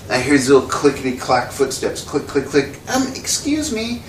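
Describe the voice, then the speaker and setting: Male interview guest, mid-pitched, animated storyteller who acts out his quotes; roomy echo, off-mic, faint hiss. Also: a little fast, distant mic. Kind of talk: casual anecdote telling. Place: indoor room with a window.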